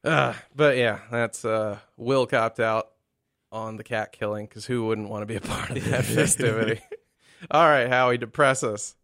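A young man co-hosting a casual comedy podcast, crude and profane, getting loud when he cares about something. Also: medium pitch, steady tone, moderate pace. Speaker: podcast co-host.

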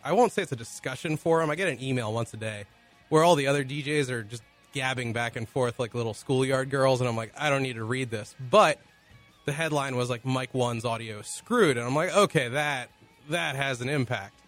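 A man's voice: mid-range voice, a little fast, a bit bright, faint music behind. A man hosting a podcast in a small studio, sick with a cough, joking and rambling in casual chat on a studio mic. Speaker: podcast host.

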